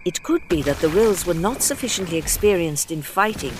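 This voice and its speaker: A man reading a science fiction story aloud in a measured, steady narration. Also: sits high, noisy background. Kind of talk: scripted narration.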